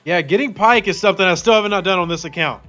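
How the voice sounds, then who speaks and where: Upbeat male streamer, fairly high voice, chatty with viewers; slightly dull audio, faint music under. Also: fast talker, bright, forceful tone. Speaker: game streamer. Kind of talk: casual live-stream chat.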